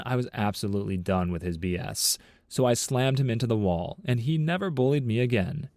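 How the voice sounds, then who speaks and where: A man's voice: mid-range voice, darkish tone, dry recording. A man narrating online comments about schooldays, with wry asides between the stories. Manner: dry, wry asides, occasional laughs. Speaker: story narrator.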